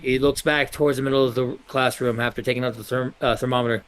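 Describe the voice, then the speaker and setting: A man's voice: mid-range voice, fairly even intonation, a bit bright, clean tone, low-quality recording. Man narrating a tabletop game. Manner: loose, halting, with many self-corrections. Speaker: game master.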